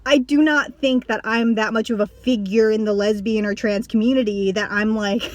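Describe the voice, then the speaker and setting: A woman YouTuber talking casually to camera, rambling, with lots of "like" and quick restarts. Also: a little high, fairly even intonation, dry recording. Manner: rambling, heavy use of "like", acts out others in a raised voice. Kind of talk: casual vlog talk to camera.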